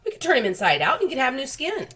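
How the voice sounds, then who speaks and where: A woman's voice: high-pitched, wildly swooping pitch, very fast, a bit bright, pitched above the performer's own voice, full character voice. A woman voicing a gloomy, fretful male earthworm who complains in a storybook reading. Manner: mournful, complaining.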